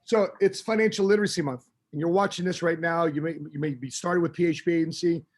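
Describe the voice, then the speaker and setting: A man hosting a podcast, asking questions in a quick, joking way with repeated words. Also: a little high. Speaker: podcast host.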